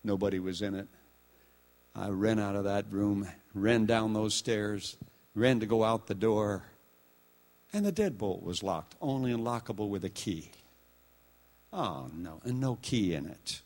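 An older man preaching, telling a story with animated acted-out dialogue and laughter. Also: on the low side, a little slow. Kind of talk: sermon storytelling.

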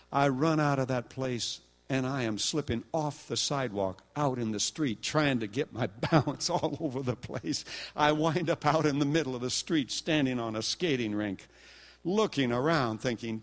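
Animated older man preaching a story. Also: medium pitch, normal speed. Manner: animated, acts out dialogue with laughs. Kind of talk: sermon storytelling.

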